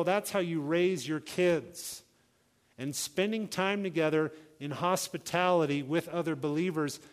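Man preaching a lively, conversational sermon. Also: on the high side. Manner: conversational preaching with acted-out quotes. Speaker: pastor.

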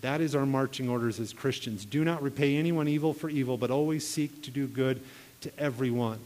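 A man's voice: mid-range voice, brisk, darkish tone. A man preaching a sermon, telling personal stories in an earnest way and acting out the voices he quotes. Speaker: pastor. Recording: long hall reverb.

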